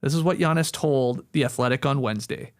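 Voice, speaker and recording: A man co-hosting a casual basketball talk show, animated and quick to laugh, sometimes searching for words. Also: medium pitch. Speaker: podcast co-host. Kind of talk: casual sports chat.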